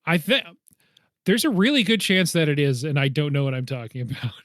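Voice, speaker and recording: A man's voice: on the high side, sing-song, fairly quick, fairly bright tone, no room sound, studio quality. A man co-hosting a movie podcast, chatting casually and hedging his guesses with self-deprecating laughs. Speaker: podcast co-host.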